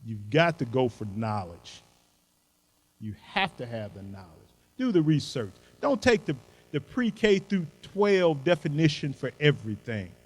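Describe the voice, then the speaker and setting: A man's voice: a little high, sing-song, a little slow, poor audio. An older man giving a motivational keynote speech in a folksy, emphatic way, driving home short maxims. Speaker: keynote speaker.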